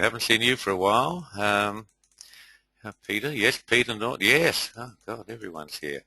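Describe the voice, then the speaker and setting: A man hosting a live online webinar, chatty and hesitant, with frequent filler pauses. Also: fairly low pitch, lively intonation, gravelly, pushed and bright, dry recording, rough recording. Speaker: webinar host and trading tutor.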